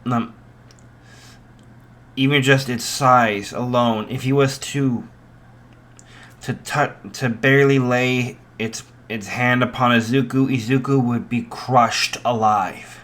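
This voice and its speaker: A man improvising a story aloud, unhurried, with frequent fillers and restarts. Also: medium pitch, steady tone, a bit bright.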